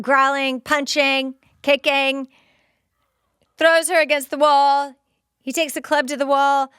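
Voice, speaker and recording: A woman podcast host giving excited, casual play-by-play commentary while rewatching a TV episode. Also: high-pitched, dry recording, clean studio sound. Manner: excited, gushing, narrating scenes as they happen.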